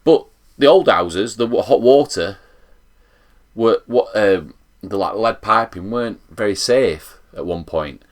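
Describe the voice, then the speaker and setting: Casting note: South Yorkshire bloke, lowish voice, animated, rambling, casual vlogger. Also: male voice, measured pace. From England. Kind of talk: casual reaction vlog.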